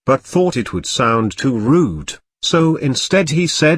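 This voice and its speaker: Man narrating an animated comic audiobook. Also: mid-range voice, slow, few pauses, breathy edge, no echo, studio quality.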